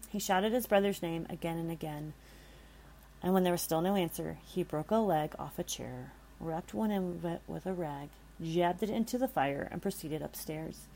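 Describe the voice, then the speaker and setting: Low, gravelly woman telling a ghost story. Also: warm tone, a little hiss or hum, poor audio. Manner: dramatic, with nervous asides to listeners. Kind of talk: reading a scary story aloud.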